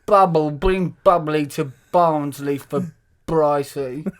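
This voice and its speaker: A man's voice: fairly high pitch, slow pace. A man impersonating a drunk, brash, party-loving celebrity woman in a slurred, giggly, sing-song voice.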